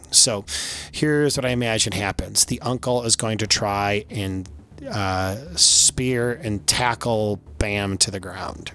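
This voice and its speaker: A man's voice: lowish voice, slow, pushed and bright. A man running a tabletop game as game master, loose and chatty with lots of fillers. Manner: loose and chatty, many fillers, laughs often.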